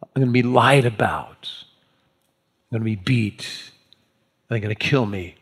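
A man voicing Jesus as a grave, steady teacher, speaking slowly, low and solemn. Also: slightly rough.

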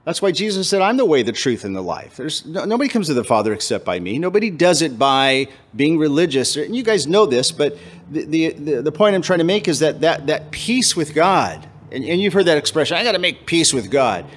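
A man preaching a conversational sermon, casual and halting, often restarting his phrases and acting out quoted voices. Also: sing-song. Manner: acts out quoted voices with jumps in pitch. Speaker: pastor.

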